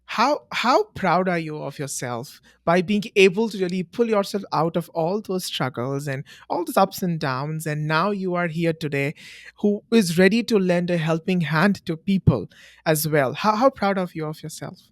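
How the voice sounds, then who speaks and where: Low-voiced woman hosting a podcast. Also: animated, normal speed, no echo, studio quality. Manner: encouraging, lots of affirmations. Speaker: podcast host. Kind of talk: interview conversation.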